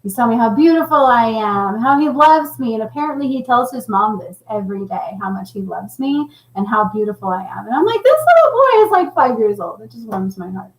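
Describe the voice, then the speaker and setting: A middle-aged woman hosting a casual livestream, chatting and reading viewer comments with a laughing, animated manner. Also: fairly high pitch, fairly quick, hardly any pauses, reverberant, low-quality recording. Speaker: livestream host.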